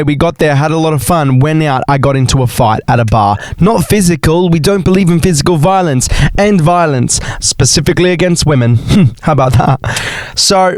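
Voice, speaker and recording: This is a young man talking on his podcast, spinning a gossipy story with lots of drama. His voice sits fairly high for a man. It is recorded close and dry, with little sense of the room around him. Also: clear, resonant tone, no echo. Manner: chatty, dramatic, jumps into high sing-song exclamations. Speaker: podcast host. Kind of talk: casual storytelling monologue.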